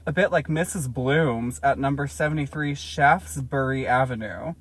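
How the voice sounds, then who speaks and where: A woman's voice: rumbling low, normal speed. A woman reading the lines of a flustered, eager young male delivery man in a comic book reading, in her own everyday voice. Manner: read plainly from the page.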